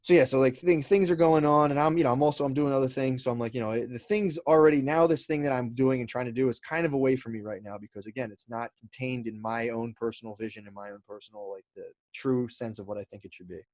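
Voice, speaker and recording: A man's voice: mid-range voice, steady tone, fast, hardly any pauses, darkish tone, no echo. A man telling a long story as a podcast guest, rambling with lots of fillers, restarts and swearing. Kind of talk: casual storytelling chat.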